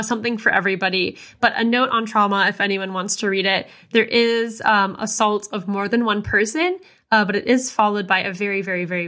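A young woman talks through a beloved book in easy chat, earnest and a little breathless with feeling. She is full of fillers and restarts, and her voice sits at an ordinary middle pitch. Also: bright, forceful tone. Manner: earnest and gushing, lots of "like" and restarts. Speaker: podcast book club host. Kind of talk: casual chat.

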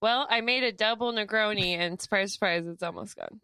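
A woman's voice: medium pitch, steady tone, normal speed, hardly any pauses, sharp tone, clean tone. A woman co-hosting a book podcast in casual chat, giggly and swearing freely. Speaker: podcast co-host.

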